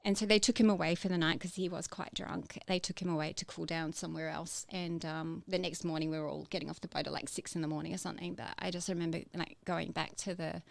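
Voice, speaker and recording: A woman telling her own story in a podcast interview, halting, with many fillers and restarts. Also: on the low side, steady tone, creaky, dry recording. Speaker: interview guest.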